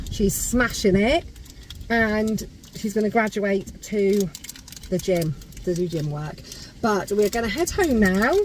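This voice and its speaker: Recorded with a phone in a holder, the audio is poor with a little hiss or hum, carrying a woman's medium-pitched voice. She's a family vlogger in a car, parked or moving, giving an upbeat casual vlog chat to camera and sometimes turning to speak to her kids.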